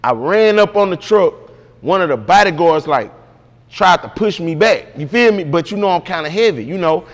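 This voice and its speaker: A man's voice: sits high, expressive, normal speed, big-room sound. A man guest in an interview, telling a story casually and with animation, full of slang and repeated "bro".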